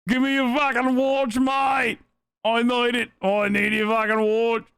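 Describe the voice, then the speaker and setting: A man doing a put-on impression of a brash, swearing Australian woman who demands things in loud bursts. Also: very high voice, steady tone, unhurried, no echo, studio quality, pitched above the performer's own voice. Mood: demanding. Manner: demanding, profane, shouted in bursts.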